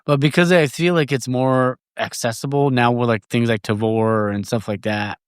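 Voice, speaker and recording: A man's voice: mid-range voice, fairly even intonation, moderate pace, clear, resonant tone, no echo. A man hosts a casual podcast in a mid-range voice. He keeps the talk chummy, agrees often and swears freely. The sound is dry and close. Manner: chummy, frequent agreeing, profane. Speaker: podcast host.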